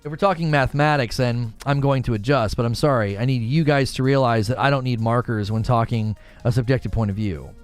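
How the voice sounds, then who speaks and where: A man's voice: medium pitch, a little fast, hardly any pauses, clear, resonant tone, soft background music. A man hosting a gaming commentary show, talking casually with his live chat and arguing his point animatedly, often restarting his sentences. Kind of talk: casual livestream talk, answering chat.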